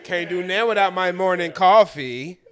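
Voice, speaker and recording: Co-host, male, high-ish voice, quick jokey interjections. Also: fairly bright tone. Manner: joking interjections, teasing. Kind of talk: casual chat.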